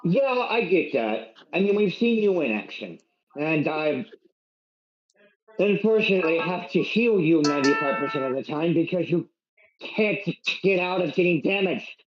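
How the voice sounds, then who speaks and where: A man roleplaying a cleric with a put-on Irish accent, earnest and a little preachy. His pitch swings widely and sits slightly high for a man. The voice-chat audio is dull and lo-fi. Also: animated, normal speed, soft background music. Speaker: player voicing a cleric. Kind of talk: in-character roleplay over voice chat.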